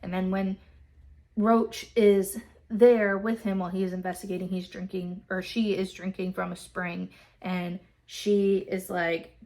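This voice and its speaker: A woman's voice: medium pitch, little pitch movement, a little slow, darkish tone. A woman hosting a book club, casually recapping a chapter in a loose, filler-heavy way and swearing freely.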